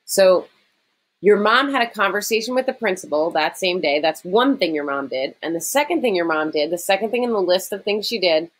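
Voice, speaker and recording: A woman's voice: medium pitch, lively intonation, brisk, low-quality recording. A woman teacher giving a recorded writing lesson to her students, explaining step by step in a conversational way with frequent "okay" and "um".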